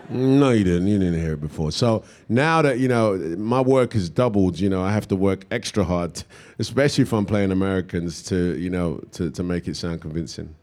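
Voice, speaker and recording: British man answering audience questions. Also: low-pitched. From England. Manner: relaxed, rambling with restarts and fillers. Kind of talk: casual Q&A answers.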